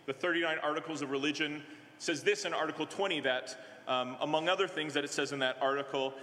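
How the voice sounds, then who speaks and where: A male minister preaching a sermon in a conversational way, halting often with fillers and restarts. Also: fairly high pitch, pushed and bright. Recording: echoey hall with long reverb.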